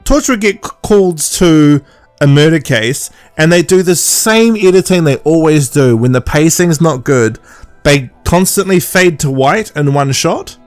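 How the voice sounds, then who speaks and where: A man's voice: a little high, lively intonation, a little slow, no room sound, soft background music. A man co-hosting a podcast, recapping an episode in casual chat and mocking the characters in silly voices. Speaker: podcast co-host.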